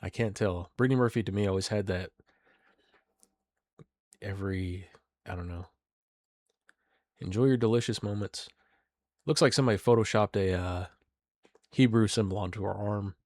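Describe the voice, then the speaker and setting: Lower-voiced man riffing crudely. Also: fairly even intonation, normal speed, long pauses, a little mellow, no room sound. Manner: crude, rambling, mumbled asides. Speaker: solo show host. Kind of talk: casual reaction commentary.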